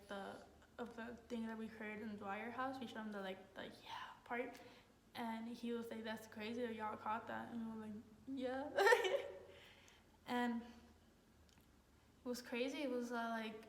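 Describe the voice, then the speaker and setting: A young woman, a college student, telling a story in a casual, rambling way with lots of "like". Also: fairly high pitch. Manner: rambling, heavy use of "like", excited retelling. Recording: echoey room, faint noise.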